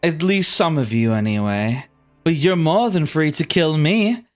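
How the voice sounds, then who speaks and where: A sinister woman villain, voiced by a man, taunts in a slow, amused drawl. Her lines sway in pitch and carry calm, playful menace in a tabletop game. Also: soft background music. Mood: taunting. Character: sinister female villain, mocking, dangerous.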